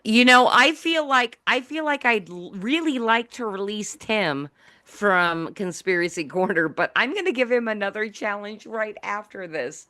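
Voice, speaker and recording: A woman's voice: mid-range voice, expressive, unhurried, bright, forceful tone. A woman hosting a talk show over a video call, playful and teasing, laughing often. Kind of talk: casual video call chat.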